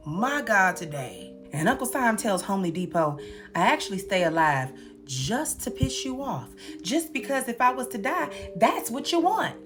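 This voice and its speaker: A woman's voice: fairly high pitch, moderate pace. A young woman giving a sassy, comedic recap commentary, acting out the characters' lines in different voices. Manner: sassy, animated, acts out quotes in voices. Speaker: commentary host. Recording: music playing underneath.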